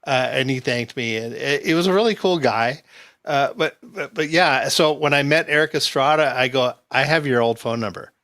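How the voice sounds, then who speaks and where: Bright, animated man telling a story. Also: mid-range voice, moderate pace. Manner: animated storyteller, acts out quotes, laughs often. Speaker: podcast host. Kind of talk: casual storytelling chat.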